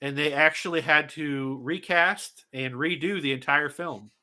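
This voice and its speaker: Chatty bright-voiced male co-host. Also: a little high, measured pace. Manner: chatty, rambling, laughs easily. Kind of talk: casual live-stream chat.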